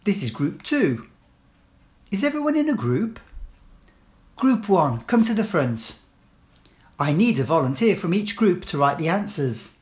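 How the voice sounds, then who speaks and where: A woman reads classroom phrases aloud as a language teacher, one short phrase at a time. She speaks slowly and deliberately, with a lively voice that rises and falls. Each phrase comes out clear and carefully spaced. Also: on the low side. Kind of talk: slow read-aloud list of classroom phrases.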